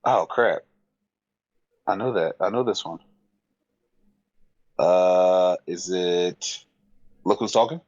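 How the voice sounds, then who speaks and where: A man's voice: low-pitched, takes it slowly, pauses often, no echo, highs cut off. A man co-hosting a casual chat, guessing movie quotes, exclaiming and cursing in disbelief. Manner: animated, exclaims and curses in disbelief. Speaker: podcast co-host.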